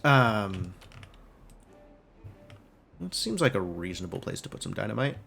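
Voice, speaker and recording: A man's voice: on the low side, big pitch swings, unhurried, gravelly, a bit bright, faint music behind. A man streaming a game live, thinking aloud in casual, rambling commentary full of "like" and puzzled questions to himself.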